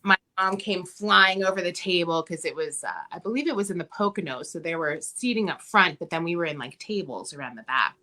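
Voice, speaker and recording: Brief: woman interview guest, bright forceful tone, lowish voice, casual and chatty. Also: brisk, few pauses. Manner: chatty, many ums, animated when quoting.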